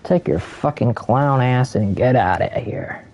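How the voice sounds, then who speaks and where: A man's voice: mid-range voice, animated, unhurried, a little mellow, lo-fi sound. A man streaming a game, ranting angrily with heavy profanity at other players. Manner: angry, heavily profane, ranting. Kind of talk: ranting gameplay commentary.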